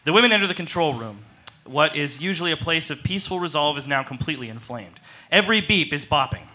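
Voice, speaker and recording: A man narrating an improvised comedy in a deadpan style with goofy sound effects. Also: a little high, fast.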